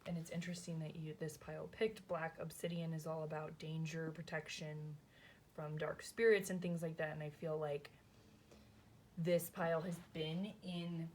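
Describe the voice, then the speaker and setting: A woman's voice: low voice, little pitch movement, moderate pace, darkish tone, slight background noise. A woman giving a casual tarot reading, thinking aloud in a chatty, rambling way, often adding "like" and "right?". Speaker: tarot reader.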